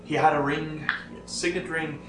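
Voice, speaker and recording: A man's voice: fairly high pitch, flat delivery, a little fast, music in the background, natural voice. A man voicing a nervous male clerk who speaks formally and apologizes often. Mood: apologetic. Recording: echoey room, mic far off, faint noise.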